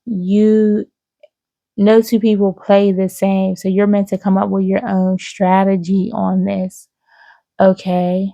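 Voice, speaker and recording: A woman giving an intuitive spiritual reading to her viewers, speaking slowly and soothingly with frequent "okay?" check-ins. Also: mid-range voice, little pitch movement, vocal fry, dark tone, no room sound, highs cut off. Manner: slow, drawn-out, soothing, with many "okay?" asides. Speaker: psychic reader.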